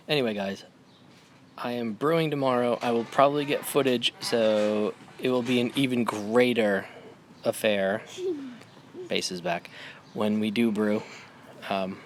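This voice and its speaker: Male vlogger, 30s, low voice, tipsy rambling homebrew chat, faint room noise.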